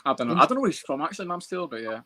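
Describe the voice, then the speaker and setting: A man co-hosting a casual podcast chat about fights, talking fast, swearing and laughing a lot. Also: on the high side, big pitch swings, bright, forceful tone. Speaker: podcast co-host.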